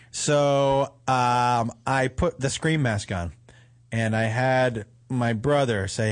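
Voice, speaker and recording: Animated man telling stories. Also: mid-range voice, a little slow. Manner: animated, self-deprecating, swears freely. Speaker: radio show host. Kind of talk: casual storytelling chat.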